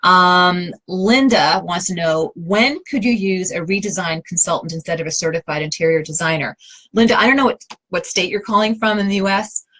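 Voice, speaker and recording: A woman's voice: on the low side, moderate pace, a bit bright, low-quality recording. A middle-aged woman with a New York accent, an interior design advisor answering viewer questions in a chatty, direct way with many fillers and restarts.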